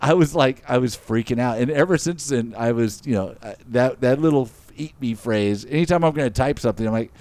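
A man's voice: mid-range voice, brisk, few pauses, no room sound. A middle-aged man in casual chat, telling a story with lots of laughs and acted-out quotes. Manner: animated, laughs often, acts out quotes.

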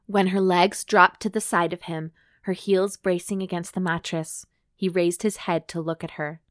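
A woman's voice: lowish voice, steady tone, normal speed, dry recording, studio quality. A woman co-hosting a podcast, reading a romance novel aloud steadily and breaking off for wry jokes. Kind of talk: dramatic reading with joking commentary.

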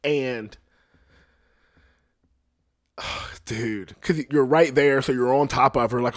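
A man hosting a podcast in a casual, profane rant, rambling and trailing off quietly, often laughing at himself. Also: mid-range voice, takes it slowly, long pauses. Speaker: podcast host.

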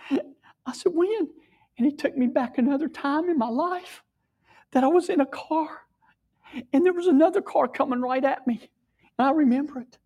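A tearful man sharing an emotional personal testimony, often dropping his voice to a hushed whisper. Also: extremely high pitch, moderate pace, pauses often.

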